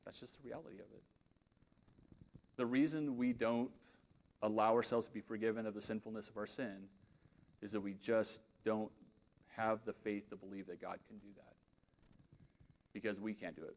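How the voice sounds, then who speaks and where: A man preaching a sermon in an earnest tone, moving between loud emphatic lines and quiet, intense ones. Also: on the low side, steady tone, normal speed, pauses often. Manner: leads a closing prayer.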